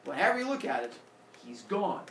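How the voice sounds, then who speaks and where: A male teacher tells a myth to his class in a playful, animated way, with a lively voice. He is recorded from a distance in an echoey classroom with faint background hum. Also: fairly high pitch, fairly quick. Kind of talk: storytelling to a class. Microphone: far camera. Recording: echoey classroom, camera far off.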